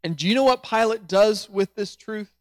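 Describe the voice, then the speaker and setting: A male pastor preaching in a conversational, explaining manner with the odd restart. His voice sits high for a man, and the recording is dry and close with no room echo. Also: moderate pace. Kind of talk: sermon.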